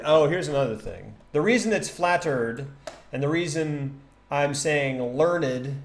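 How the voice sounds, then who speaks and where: A man casually teaching a poem on a livestream, chatty and animated, thinking aloud and tapping out rhythms. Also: medium pitch, normal speed. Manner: taps out rhythm with nonsense syllables. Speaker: streamer explaining a poem.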